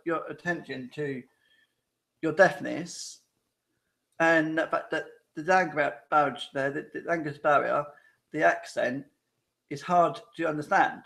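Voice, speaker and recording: Guy rambling on a live stream, kinda high voice with lots of gravel, keeps restarting and asking "right?". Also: fairly bright tone. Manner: rambling, repetitive, frequent restarts; addresses viewers directly with tag questions. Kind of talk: casual live-stream chat.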